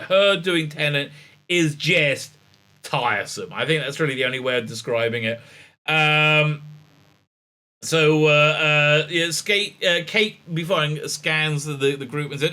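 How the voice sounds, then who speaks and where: Male reviewer, sarcastic and rambling, bright tense tone, slightly high pitch. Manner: sarcastic, rambling, acts out quotes in high squeaky voices; many fillers and hesitations. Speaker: reviewer and show host. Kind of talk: casual review recap.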